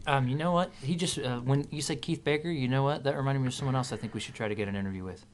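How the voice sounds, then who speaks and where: A man co-hosting a casual gaming podcast, talking at a very fast clip. He jumps in with quick interjections and jokes, at an even mid pitch. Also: a little hiss or hum. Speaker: podcast co-host. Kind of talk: casual chat.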